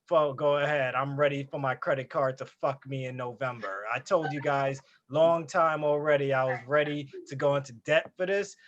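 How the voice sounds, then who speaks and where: A man co-hosting a gaming podcast, telling a story in an animated, casual way with plenty of swearing. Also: on the high side. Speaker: podcast co-host. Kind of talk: casual chat. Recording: dull lo-fi audio.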